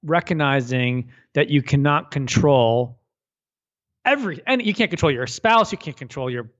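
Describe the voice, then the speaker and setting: An energetic male author speaks as a guest on a radio interview. His voice sits a little high, and he stumbles and repeats words as he restarts his thoughts. The recording sounds somewhat dull and lo-fi. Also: moderate pace.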